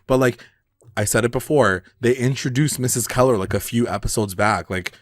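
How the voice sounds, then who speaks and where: Animated man recapping TV, dry-voiced. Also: mid-range voice, a little fast, no echo. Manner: animated, heavy on "like", swears freely. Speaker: podcast co-host. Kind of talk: casual TV recap chat.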